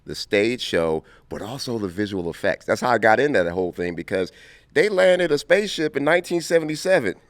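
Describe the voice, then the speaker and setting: A man in his fifties from Compton, telling stories as an interview guest, animated and quick to laugh. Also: on the low side, no echo, studio quality. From Compton, California. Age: 50s. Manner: animated, laughing storyteller who acts out scenes. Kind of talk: casual interview storytelling.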